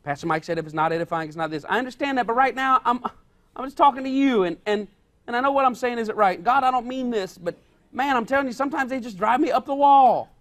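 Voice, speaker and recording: A man's voice: extremely high pitch, lively intonation, quick pace, fairly bright tone. A male pastor preaching a sermon in a folksy, plain-spoken way, stressing and repeating his key points. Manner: emphatic, repeats key points, acts out quoted dialogue.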